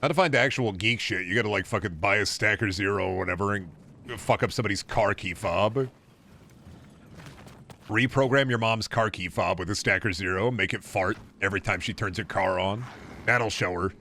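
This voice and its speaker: A man's voice: on the low side, normal speed, slight background noise. Profane, rambling male gaming streamer. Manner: rambling, profane, animated outbursts. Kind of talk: casual live-stream chat.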